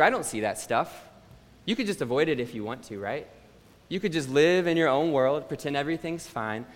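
A man preaching a sermon in a relaxed, conversational way, telling a personal story with plenty of ums and uhs. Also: fairly high pitch. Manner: conversational, relaxed, frequent um and uh fillers. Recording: long hall reverb.

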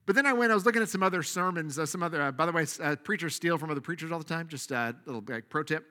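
Pastor, male, bright and forceful tone, casual asides, long church reverb. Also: on the high side. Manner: casual, animated preaching with asides; soft, slow prayer. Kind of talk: sermon.

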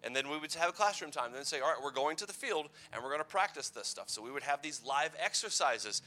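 A man's voice: a little high, animated, fast, pushed and bright. A man in his thirties giving a playful, conversational youth sermon full of personal stories. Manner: playful, conversational, teasing asides. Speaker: youth pastor.

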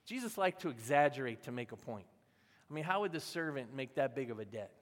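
This pastor speaks at medium pitch with big swings in intonation and a brisk delivery, his words trailing into a long reverb. His sermon recounts a parable in a conversational storytelling style, with him voicing each character.

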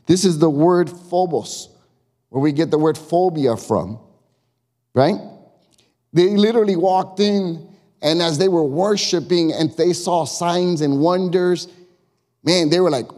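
In the sanctuary of a church, a man preaches his sermon with emphasis and a conversational touch, asking the congregation questions. His voice is slightly high and dark-toned, his pace moderate, and the hall adds a long reverb.

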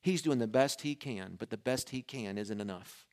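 A man voicing a gentle fatherly God. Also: normal speed, natural voice. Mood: tender. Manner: soft, low and tender.

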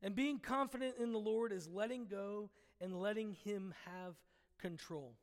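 A man's voice: high voice, measured pace, big-room sound. A man preaching a sermon, earnest and teaching, with playful asides where he chuckles at the story.

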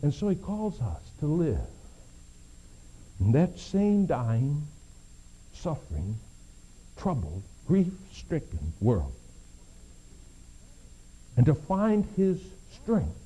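A man preaching a sermon, shifting between hushed low passages and emphatic raised appeals. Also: huge pitch swings, extremely slow, long pauses, husky, highs cut off. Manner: dramatic, swings from hushed to emphatic. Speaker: pastor.

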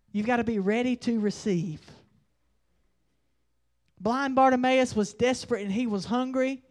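High-voiced preacher in full flow. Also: male voice. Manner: preaching with rising bursts and slow emphatic lines. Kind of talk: fiery revival sermon.

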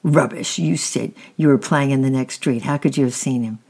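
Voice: mid-range voice, moderate pace, gravelly, a little mellow. A reader voicing a stern mother who speaks sharply and scolds her son in a storybook reading. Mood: sharp suspicious.

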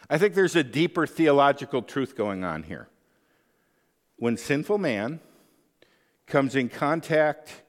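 A man's voice: mid-range voice, in a large hall. A man preaching a sermon as pastor, conversational, often checking in with the listeners with tag questions.

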